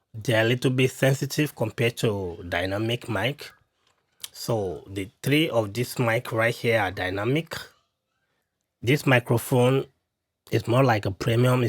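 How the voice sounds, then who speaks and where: Man, mid-pitched, chatty gear demo to camera, dry close mic. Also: dry recording. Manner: repetitive, talks to viewers directly. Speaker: tech reviewer.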